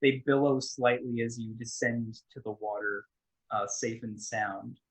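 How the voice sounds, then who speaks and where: A man's voice: medium pitch, flat delivery, measured pace, rough recording. A man narrating a tabletop game as game master, in a loose, casual way with lots of restarts.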